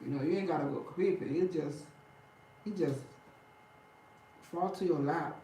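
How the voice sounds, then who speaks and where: A woman chatting casually with her viewers, telling stories in an animated way, laughing and breaking into loud bursts. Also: low voice, measured pace, a little hiss or hum. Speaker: vlogger talking to viewers. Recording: roomy and distant from the mic.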